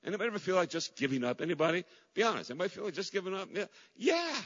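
A man's voice: high-pitched, big pitch swings, rapid-fire, fairly bright tone. Impassioned middle-aged male pastor, reverberant hall. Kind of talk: sermon. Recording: dull recording in a large reverberant hall.

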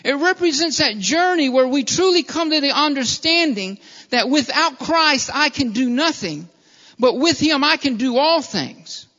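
High-voiced preacher in a reverberant hall. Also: male voice, expressive, measured pace, pushed and bright. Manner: earnest preaching, repeats phrases, addresses listeners as beloved. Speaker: pastor. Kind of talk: sermon. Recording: dull lo-fi sound with long hall reverb.

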